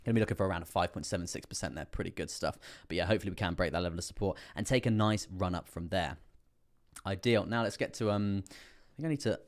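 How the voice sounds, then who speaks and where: This is live trading chart analysis from a young British man hosting a crypto stream. His voice sits low and moves fast, with a slight strain, and he wanders loosely through the charts, repeating fillers and the phrase "coming through there".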